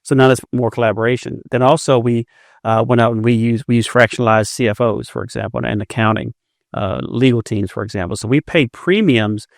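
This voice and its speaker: A man's voice: mid-range voice, fairly even intonation, fairly quick, gravelly, no echo, studio quality. A man in his fifties, a business guest telling stories in a casual interview, often repeating words as he starts a sentence. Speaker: entrepreneur guest.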